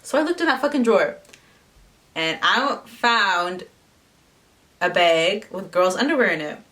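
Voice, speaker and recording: A woman's voice: mid-range voice, animated, measured pace, a bit bright, distant mic. Chatty young woman telling a story. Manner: chatty, lots of "like" fillers. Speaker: vlogger. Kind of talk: casual storytime chat.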